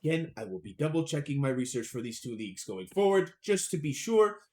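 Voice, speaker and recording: A young co-host of a casual sports podcast chats and rambles, joking self-deprecatingly about his own pronunciation. His voice is fairly high and darkish in tone, with big pitch swings and a brisk pace.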